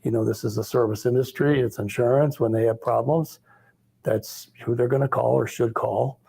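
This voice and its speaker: A man's voice: mid-range voice, steady tone, moderate pace, vocal fry, mellow, slightly rough. A man who works as an insurance agent, giving plainspoken, matter-of-fact advice in a casual chat.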